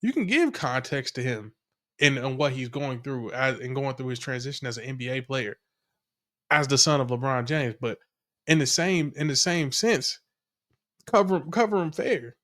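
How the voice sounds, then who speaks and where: A man's voice: medium pitch, lively intonation, normal speed, a bit bright. A man co-hosting a podcast, reacting in casual, slangy talk that rambles and restarts. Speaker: podcast co-host.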